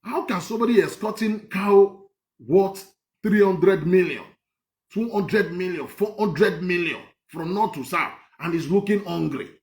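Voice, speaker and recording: A man's voice: high voice, unhurried, roomy sound. A man giving a heated, rambling political monologue, repeating his points for emphasis. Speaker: political commentator.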